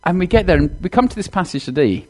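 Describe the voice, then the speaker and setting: A minister preaching to his congregation in a church, chatty and direct. His pitch swings widely as he talks, rising and falling with each point. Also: lively intonation, fast talker. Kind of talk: sermon with children's talk.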